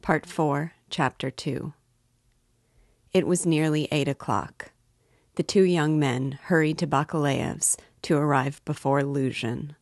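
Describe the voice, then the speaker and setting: A woman reading a classic novel aloud in a slow, measured way, lightly shifting her voice for each character. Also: low-pitched, fairly even intonation, a little mellow, dry recording, clean studio sound. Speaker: reader. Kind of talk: audiobook-style novel reading.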